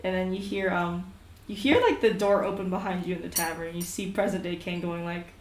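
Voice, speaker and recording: A woman's voice: lowish voice, a little fast. A woman narrating as game master of a tabletop game, giggling often and rambling with fillers. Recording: echoey room with faint ambience.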